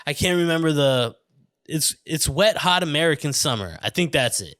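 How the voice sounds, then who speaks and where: A podcast host from the American Southwest, a little drunk, rambles through a monologue full of swearing, stumbles, and tangents. His voice is a little high and bright with lively intonation at a moderate pace, in a dry studio-quality recording.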